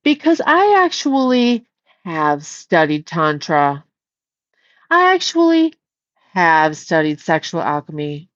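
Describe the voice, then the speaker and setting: A woman's voice: sits low, big pitch swings, slow pace, a bit bright, no room sound. A woman hosting a casual livestream, reading chat aloud and scolding a viewer in a blunt way, swearing freely. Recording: slightly dull lo-fi audio.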